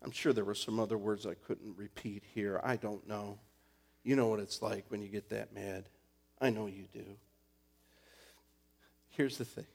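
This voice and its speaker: Male pastor, sermon storyteller, earnest and emphatic, with a gravelly, creaky edge to his voice. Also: lowish voice, normal speed. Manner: earnest storytelling preacher, building to emphatic points.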